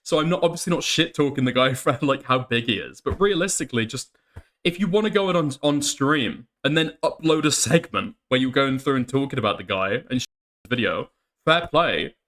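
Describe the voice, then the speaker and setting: A man's voice: medium pitch, lively intonation, a little fast, a bit bright. A man hosting a commentary channel, talking casually over clips and mocking them, laughing often.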